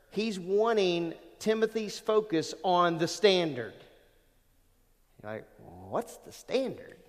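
A man preaching a sermon as pastor, talking conversationally and asking the congregation questions. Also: fairly high pitch. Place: large church sanctuary. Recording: long church reverb.

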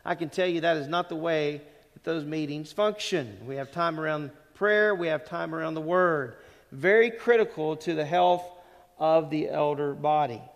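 A man's voice: fairly high pitch, moderate pace. Preaching man in a reverberant church hall. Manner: conversational preaching with frequent questions to the congregation. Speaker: pastor. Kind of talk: expository sermon. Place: church sanctuary.

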